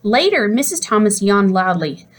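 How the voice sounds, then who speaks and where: A woman reading a children's storybook aloud in an expressive way, putting on voices for the characters. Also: mid-range voice, normal speed. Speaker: audiobook reader. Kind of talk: storybook narration.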